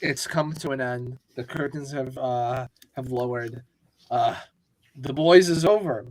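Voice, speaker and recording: In casual chat on a pop-culture podcast he co-hosts, a man rants with plenty of swearing. His mid-range voice runs a little slow, and there's slight background noise.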